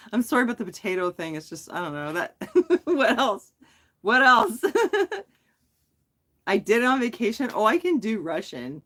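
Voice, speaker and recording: A middle-aged woman hosting a casual livestream, chatting with viewers in a giggly, self-deprecating way. Her voice rises and falls in a lively, animated way as she rambles and laughs at herself. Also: on the high side, a little slow, pauses often. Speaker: livestream host.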